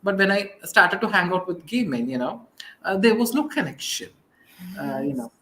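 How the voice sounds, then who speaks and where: A man from India with an Indian accent, a guest in a casual interview, soft-spoken and hesitant with many fillers. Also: high-pitched, lively intonation, normal speed, reverberant.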